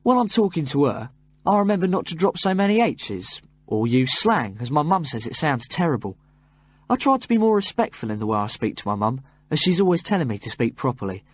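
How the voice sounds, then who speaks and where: A man reading a first-person passage aloud for a textbook audio track, in an expressive, rising and falling manner. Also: fairly high pitch, lo-fi sound.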